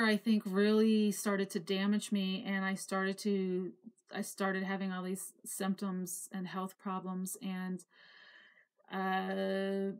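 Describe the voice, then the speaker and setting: A woman's voice: medium pitch, monotone, slow, smooth. A middle-aged woman telling her own life story in a reflective, emotional way, sometimes laughing or sighing as she remembers. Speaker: memoir narrator. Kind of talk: personal life story told to camera.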